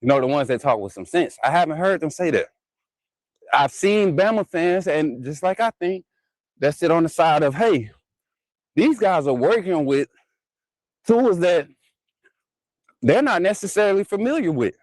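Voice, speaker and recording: A man's voice: a little high, expressive, moderate pace, pauses often, no room sound, rough recording. A man hosting a live sports talk stream, chatty and laughing often as he talks straight to his viewers. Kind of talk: casual live-stream chat.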